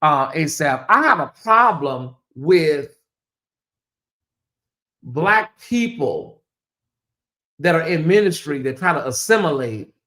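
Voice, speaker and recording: Bright, high-voiced man chatting with viewers. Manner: animated and chatty, slips into mocking put-on voices; talks straight to viewers and reads chat aloud. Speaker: host. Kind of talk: casual livestream commentary.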